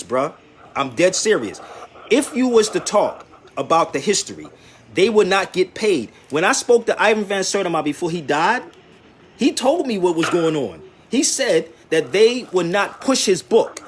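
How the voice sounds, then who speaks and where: Brief: man, high and very lively voice, insistent street debater, faint noise behind. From Philadelphia, USA. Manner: animated, insistent, repeats "listen" and "bro". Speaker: traveling commentator and radio host.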